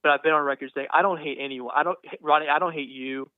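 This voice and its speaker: A man's voice: a little high, fairly even intonation, fast talker, dry recording. A young man from Texas, calling into a show and talking earnestly while stammering and repeating words. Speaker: caller. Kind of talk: phone-in conversation. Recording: phone line.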